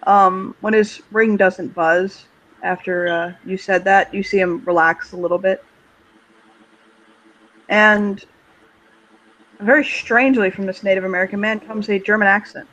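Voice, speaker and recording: High-voiced hesitant game master. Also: male voice, steady tone, unhurried, pauses often, pushed and bright, poor audio. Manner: hesitant, many fillers. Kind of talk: narrating a tabletop game.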